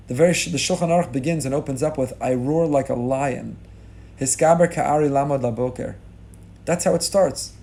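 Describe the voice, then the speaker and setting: A middle-aged rabbi giving a sermon with rising emphasis, mixing in Hebrew and Yiddish religious terms. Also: male voice, medium pitch, fairly quick, creaky, mellow. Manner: impassioned, rising emphasis on key lines.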